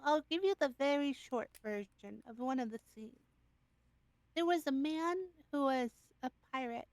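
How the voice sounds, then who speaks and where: Woman player, joking, high voice, dry sound. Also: no room sound, rough recording. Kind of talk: tabletop game play.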